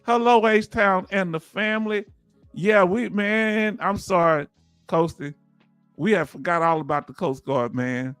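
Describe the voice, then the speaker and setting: A man's voice: sits high, measured pace, a bit bright, clear, resonant tone, no room sound, faint music behind. A man with a Southern US accent hosting a casual livestream, reading out viewer comments and laughing often. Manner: laughs often, loose conversational delivery. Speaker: livestream host.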